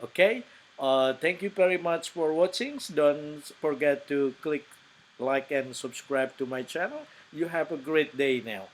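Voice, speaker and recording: A man's voice: fairly high pitch, unhurried, low-quality recording. A man from Indonesia with an Indonesian accent, giving casual English-learning tips to his channel's viewers, hesitant and full of fillers. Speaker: English teacher. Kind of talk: casual lesson tips to camera.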